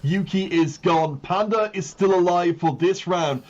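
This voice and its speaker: A man casting a live esports tournament, explaining standings and calling the action with rising excitement on big plays. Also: sits high, a little slow, lo-fi sound. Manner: excitable, builds hype on big moments. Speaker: tournament caster. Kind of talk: live esports play-by-play commentary.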